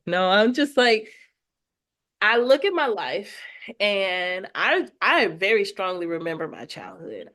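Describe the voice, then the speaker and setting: A woman guest on a podcast, an artist and educator, talking in a heartfelt, animated way and laughing often. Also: on the low side. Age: adult with children. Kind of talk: casual conversational interview.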